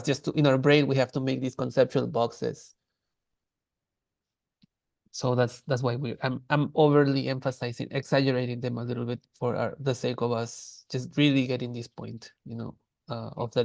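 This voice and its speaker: Male teacher, gravelly voice, dry close sound, casual lecture with frequent self-corrections. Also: medium pitch, level tone, moderate pace, a little mellow, no room sound. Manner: casual, many restarts, demonstrates sounds. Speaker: language teacher. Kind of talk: online class lecture.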